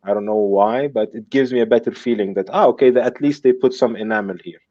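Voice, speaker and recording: A man's voice: medium pitch, fast talker, mellow, no room sound. A man chatting on a casual watch live stream, hesitant and searching for words, on dull dry stream audio. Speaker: watch show co-host.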